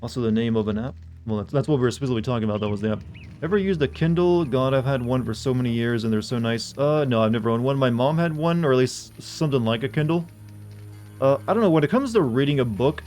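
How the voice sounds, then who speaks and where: A man's voice: mid-range voice, fast, darkish tone, soft background music. A man streaming a game, chatting casually and rambling with frequent restarts and asides. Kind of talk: casual gameplay commentary.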